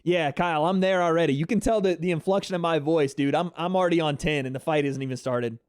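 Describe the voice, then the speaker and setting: Excitable man hosting a livestream reaction. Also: a little high, fast, clear, resonant tone, no room sound, clean studio sound. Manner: excitable, chatty, talks to chat viewers. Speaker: livestream host. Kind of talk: live fight reaction commentary.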